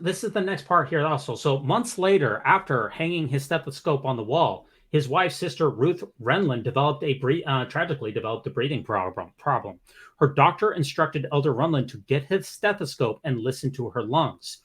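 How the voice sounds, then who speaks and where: A man's voice: on the high side, animated, brisk, a bit bright, slightly rough. A man hosting a podcast, reading news articles aloud with casual commentary, often stumbling and repeating words. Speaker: podcast host.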